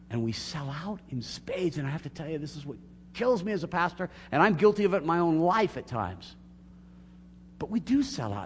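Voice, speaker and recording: A middle-aged man preaching a sermon as a pastor, earnest and building to emphatic peaks. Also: a little high. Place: church sanctuary. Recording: long hall reverb, faint hum.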